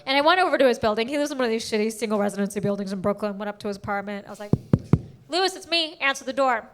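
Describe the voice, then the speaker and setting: A woman comedian performing a stand-up set on stage, telling stories with animated energy and laughing at her own jokes. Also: medium pitch, racing, noisy background.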